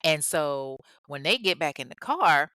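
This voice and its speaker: Low-voiced woman telling a true crime story. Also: very animated, a little slow, sharp tone, no room sound, clean studio sound. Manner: conversational, lots of asides. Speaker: host.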